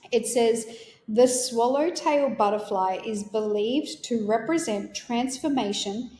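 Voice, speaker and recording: A woman's voice: fairly high pitch, darkish tone, reverberant. A woman, hosting a podcast and telling a personal story in an earnest, emotional, rambling way. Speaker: podcast host.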